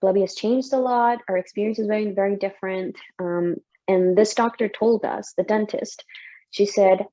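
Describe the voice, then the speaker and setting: Emotional young mother with a mellow voice. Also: mid-range voice, normal speed, lo-fi sound. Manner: emotional, lively, laughs often. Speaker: interviewee, mother. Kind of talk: candid personal story.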